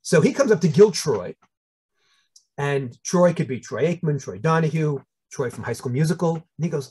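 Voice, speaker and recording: An older man with a New York accent tells stories with plenty of humor, and his pitch swings widely as he goes. His voice is a bit husky. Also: normal speed. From United States. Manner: animated, humorous storytelling with voiced asides. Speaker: speaker. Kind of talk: storytelling talk.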